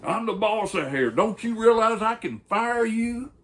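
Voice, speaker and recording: A man's voice: animated, measured pace. A man voicing a blustering, angry male company boss in a raised, strained voice while telling a story. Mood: indignant. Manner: shouting, high and strained.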